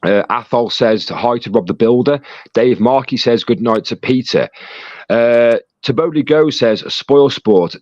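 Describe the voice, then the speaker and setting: A man with a low voice reads out live chat messages, teasing and joking with viewers. His sound is dry and dull, lo-fi over a phone link. He talks as the stream's moderator. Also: no room sound. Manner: jokey, banters with chat. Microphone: phone call.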